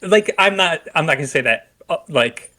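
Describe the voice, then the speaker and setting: A man's voice: on the high side, lively intonation, moderate pace, pushed and bright. A young man co-hosting a casual movie podcast, easygoing and agreeable, with plenty of fillers. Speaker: podcast co-host.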